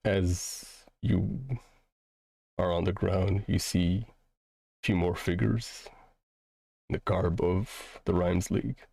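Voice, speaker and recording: A man narrates a tabletop game in a deep voice with a gravelly, husky edge. He paces his descriptions slowly and pauses often. The sound is dry and close. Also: steady tone, dark tone, no echo. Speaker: game master.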